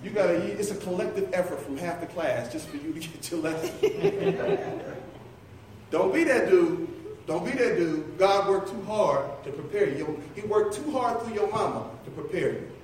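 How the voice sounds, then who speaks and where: A middle-aged man with a high, light voice delivers a loose, conversational sermon, teasing his listeners and calling on them by name. He sounds far from the mic in a very echoey church, with a faint hiss underneath. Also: very animated, moderate pace, a little mellow. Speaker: preacher. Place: church sanctuary.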